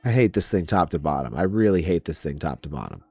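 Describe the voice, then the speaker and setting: A man's voice: low voice, very animated, quick pace, a little mellow, breathy edge, dry recording. A man hosting a wrestling podcast, ranting about match predictions in a profane, exasperated way.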